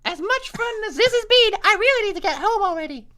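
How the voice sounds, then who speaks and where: A fretful young anime girl, voiced by a man in a giggly, squeaky falsetto. The tone is bright and tight, and she frets her way through a visual novel scene. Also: lively intonation, quick pace, heavily acted. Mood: girlish fretting. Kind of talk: reading a visual novel aloud.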